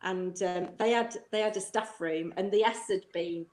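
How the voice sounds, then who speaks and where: A woman's voice: mid-range voice, moderate pace, darkish tone. A middle-aged woman, a former teacher, chatting at length on a video call and laughing often as she goes. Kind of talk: casual chat on a live stream. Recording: roomy echo.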